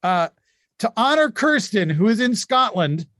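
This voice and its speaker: Man, comedy game host, high voice, dry close sound, brisk joking delivery. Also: big pitch swings, a bit bright, no echo. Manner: brisk, joking, laughs often. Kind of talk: live-streamed comedy game hosting.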